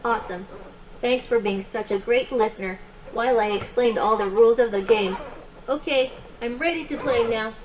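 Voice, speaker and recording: A woman's voice: on the high side, moderate pace, natural voice, rough recording. A woman voicing a cheery kids' robot. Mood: friendly. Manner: upbeat, encouraging, playful. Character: cheerful small companion robot for kids. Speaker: children's robot companion. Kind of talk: game and guided affirmations for a child.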